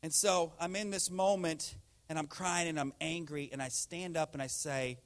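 A man preaching a sermon, animated, swinging between loud rising lines and hushed intense ones. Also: a little high, moderate pace. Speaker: pastor.

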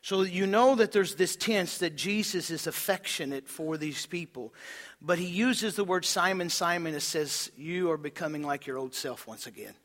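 A man, preaching a sermon as a pastor, swinging from loud emphasis to hushed, low-spoken lines. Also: moderate pace, long reverb tail.

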